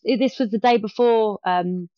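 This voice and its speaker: A woman tells a hard story as a podcast guest, in a casual, animated way, slipping into other people's voices for quotes. Her voice is mid-pitched, and the recording sounds dull and lo-fi. The room is dry, with no echo. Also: normal speed. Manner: animated retelling with acted-out quotes.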